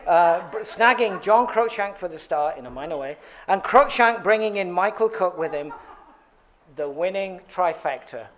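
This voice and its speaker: Man with a high voice, award presenter, playful asides, podium mic. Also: lively intonation, moderate pace. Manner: playful asides, laughing at his own script. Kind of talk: reading an award tribute speech. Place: banquet hall at an awards dinner.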